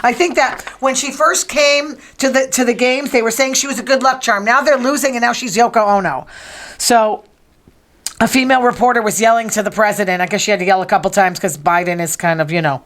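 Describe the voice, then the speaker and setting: A woman's voice: on the high side, fairly quick, fairly bright tone. A middle-aged woman hosting a casual news and gossip chat, opinionated and teasing the people in the room. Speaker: podcast host.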